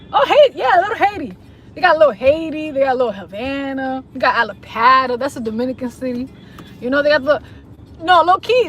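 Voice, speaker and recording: A woman's voice: sits high, a bit bright. A woman chatting casually on a live stream, teasing her viewers and switching between English and Spanish. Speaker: livestreamer. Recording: noisy street sound behind. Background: traffic and city noise.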